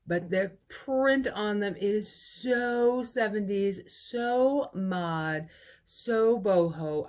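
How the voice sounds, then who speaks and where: A woman who owns a vintage shop, presenting items in a casual live clearance sale, fondly calling pieces cute little babies and closing each pitch with a price and lot number. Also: darkish tone.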